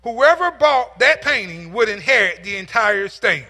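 Very high-voiced, bright male preacher. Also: big pitch swings, normal speed, big-room sound, soft background music. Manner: builds to emphatic, repeated calls. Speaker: pastor. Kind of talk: sermon with storytelling.

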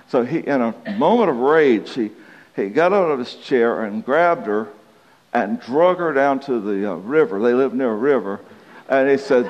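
Speaking at a moderate pace in a mid-range voice, this sixty-something pastor preaches with homespun storytelling and performs each quote aloud. The audio is dull, with long reverb like a large hall.

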